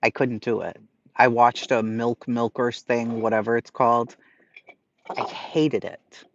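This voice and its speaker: A man's voice: medium pitch, flat delivery, measured pace, slight background noise. A man with a Boston accent hosting a livestream, reading out chat messages and ranting bluntly with lots of swearing. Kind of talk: casual chat. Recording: slightly lo-fi stream audio.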